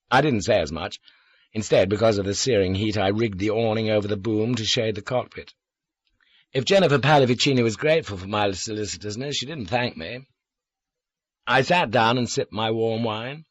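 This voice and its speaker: A man's voice: lowish voice, expressive, normal speed, dry recording. Dry, wry male audiobook narrator. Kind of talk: first-person scripted narration. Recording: dull lo-fi dry recording.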